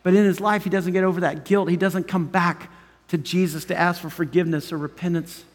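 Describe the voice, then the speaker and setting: High-voiced preacher man in a hall. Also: steady tone, fairly quick. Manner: emphatic, swinging from loud urgency to hushed intimacy; chuckles between phrases. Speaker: pastor. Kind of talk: sermon. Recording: long reverb of a large hall.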